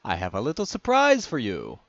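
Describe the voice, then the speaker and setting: A man's voice: mid-range voice, huge pitch swings, a little fast, no room sound. A man voicing a smug male dungeon guard who taunts his prisoner, on a dull, dry recording. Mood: taunting.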